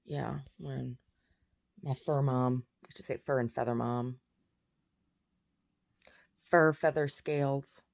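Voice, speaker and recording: A woman's voice: extremely low pitch, fairly even intonation, a little slow, creaky, dark tone. A woman vlogging in a rambling, chatty way, jumping between topics. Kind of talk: casual chat.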